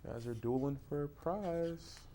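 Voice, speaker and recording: A young man hosting a casual student quiz show, relaxed and quick to laugh. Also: a little high, slight background noise. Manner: relaxed, laughs often, hums a tune.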